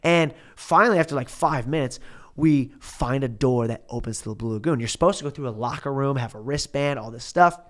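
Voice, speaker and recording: Animated young man telling a story. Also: medium pitch, brisk. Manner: animated, slangy, acts out quotes. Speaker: podcast guest. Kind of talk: casual storytelling.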